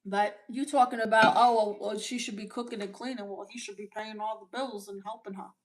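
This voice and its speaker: A woman's voice: mid-range voice, steady tone, fairly quick, lightly acted. A woman with a Brooklyn accent playing a brash, opinionated Latina aunt on a comedy livestream, answering chat with blunt, sassy retorts. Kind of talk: in-character livestream chat, reading viewer comments.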